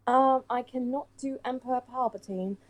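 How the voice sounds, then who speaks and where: Playful, um-filled voice actress guest. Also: female voice, sits high, normal speed, low-quality recording. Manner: playful, hesitant with many ums. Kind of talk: casual livestream chat.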